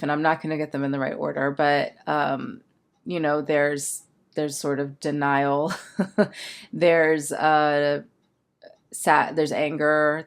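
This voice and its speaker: A woman's voice: low voice, gravelly. A woman talking as a change management coach in a candid, self-reflective personal vlog, thinking aloud.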